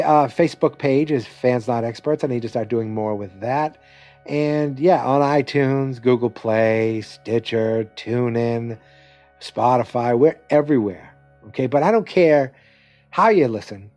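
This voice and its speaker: Guy rambling thru his podcast outro, upbeat and loose, warm mellow voice, soft music under it. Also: mid-range voice. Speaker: podcast host. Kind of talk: solo podcast chat.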